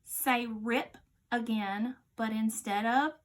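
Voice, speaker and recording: Slow, patient woman teaching phonics. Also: fairly high pitch. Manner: slow, clear, patient instructions; drops to a quiet voice for answers. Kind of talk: phonics lesson for children.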